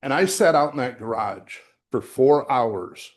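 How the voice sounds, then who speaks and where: A man's voice: medium pitch, lively intonation, measured pace. Conversational middle-aged male minister preaching. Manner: conversational, with fillers and restarts. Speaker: associate minister. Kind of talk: sermon with personal story. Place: church sanctuary.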